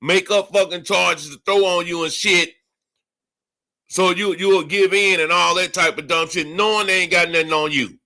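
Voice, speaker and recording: A man's voice: high-pitched, fairly even intonation, moderate pace, pushed and bright. A man hosting a livestream, ranting angrily with heavy profanity and repeated phrases. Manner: angry, profane, repetitive. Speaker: livestream host.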